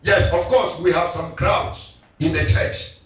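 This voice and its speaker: A man's voice: a little high, a little slow, a bit bright. Male pastor, call-and-response sermon teacher; echoey distant church sound with faint music. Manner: teaching call-and-response, repeating reader's lines.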